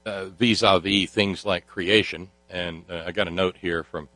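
A man's voice: sits low, steady tone, unhurried, sharp tone, no echo. A man hosting a talk show, delivering a sardonic monologue full of fillers and restarts. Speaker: host.

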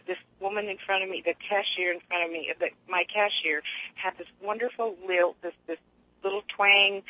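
A woman's voice: medium pitch, no echo. Rambling woman caller on a dull line. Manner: rambling storyteller, many restarts. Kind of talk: casual radio call-in chat.

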